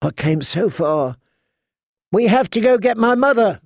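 A man voicing a desperate, fierce young girl, high and pleading as she flees a battle. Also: expressive, a little slow, no echo, clean studio sound, heavily acted.

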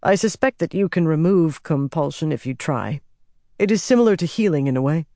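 A woman narrator gives a quiet, commanding young ruler from an audiobook. He speaks softly and offhandedly, with a dark, mellow tone. The voice is dry and close. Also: low-pitched, expressive, fairly quick, no room sound. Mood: calm. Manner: soft, eerie, offhand.

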